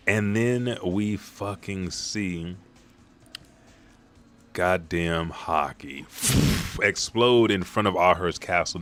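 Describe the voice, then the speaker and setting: A man recapping a manga chapter, excitable and loose, with frequent swearing. His voice sits low and deep. He talks quickly and casually as he runs through the events. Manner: profane, excitable retelling.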